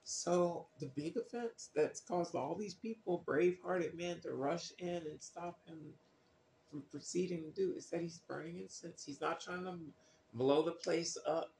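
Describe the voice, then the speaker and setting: A man's voice: fairly high pitch, unhurried, vocal fry, darkish tone, echoey room, a little hiss or hum. A man reading scripture aloud and commenting on it in a loose, skeptical way, with many fillers and restarts. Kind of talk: casual spoken commentary on scripture.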